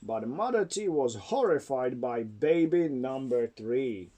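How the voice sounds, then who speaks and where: A father with Czech as his first language reads a storybook to his child at home. His delivery is slow and lilting, rising and falling through the rhymes, with a mellow, dark tone. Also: medium pitch, very animated, dull audio. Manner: slow, sing-song storytelling. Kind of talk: reading a storybook aloud.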